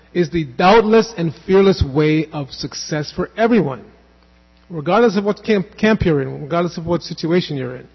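A man's voice: on the high side, slightly rough, long reverb tail, lo-fi sound. A man giving a devotional scripture class, explaining at length, wandering off on asides and chanting Sanskrit verses.

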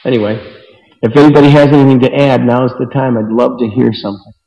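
Animated man telling stories in echoey hall. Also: mid-range voice, quick pace, creaky, muffled recording. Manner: animated storyteller acting out quotes. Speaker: book distributor speaking to devotees. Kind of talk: informal devotional talk with stories. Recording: echoey hall with long reverb.

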